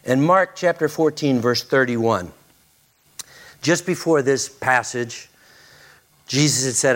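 A man's voice: mid-range voice, animated, a little slow, long pauses, a bit bright. A male pastor preaching a sermon, dramatic and repeating phrases for emphasis.

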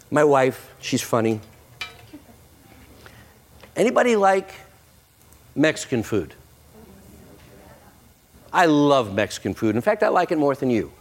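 A male pastor preaching a sermon to a congregation, jokey and animated, slipping into playful voices for quoted lines. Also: medium pitch. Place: church sanctuary with congregation.

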